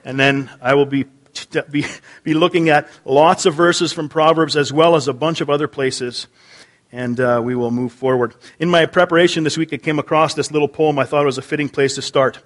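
A pastor with a fairly high, steady voice preaches a sermon in church at a slightly quick pace. He chats with the congregation, repeats their answers aloud, and often restarts his sentences in this interactive style.

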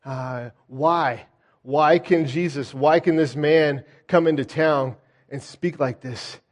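Animated preaching man, slightly high voice. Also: slow pace. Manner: animated, acts out the townspeople's doubts; frequent "uh" fillers and restarts. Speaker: pastor. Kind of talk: sermon.

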